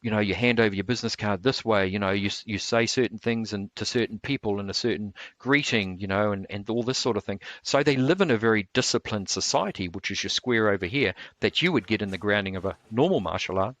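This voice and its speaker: A man's voice: on the low side, fast, hardly any pauses, a bit bright, no echo. A man being interviewed as a martial artist, telling long rambling stories with many restarts. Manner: rambling, full of restarts and fillers. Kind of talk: casual storytelling interview.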